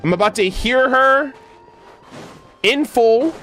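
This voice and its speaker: Young guy streamer freaking out over a game, high swoopy voice, faint game music behind. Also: slow pace. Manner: emotional, loud exclamations and swearing. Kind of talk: excited gameplay reaction.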